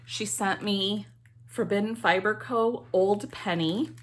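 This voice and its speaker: A middle-aged woman talks casually to her viewers about her stitching, taking her time with each thought. She rambles a little and fills her pauses with ums, at a medium pitch and an easy, slow pace. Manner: chatty, rambling, many ums. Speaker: cross stitch vlogger. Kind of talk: casual chat to camera.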